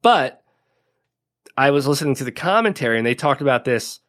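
His medium-pitched voice swings widely in pitch, runs a little fast, and sounds fairly bright. He's a podcast co-host going over a TV episode in a chatty way, laughing often and using "like" all the time.

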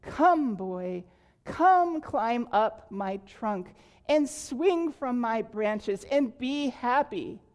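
A woman reading aloud and voicing a gentle, giving female apple tree in a tender, slow storybook manner. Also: mid-range voice, creaky. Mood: eager.

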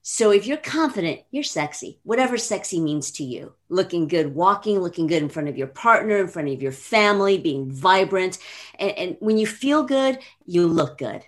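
A frank, lively woman in her fifties from Los Angeles, speaking with a fairly low voice. She talks openly and casually as a podcast guest, laughing easily. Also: normal speed. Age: 50s. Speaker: guest fitness trainer.

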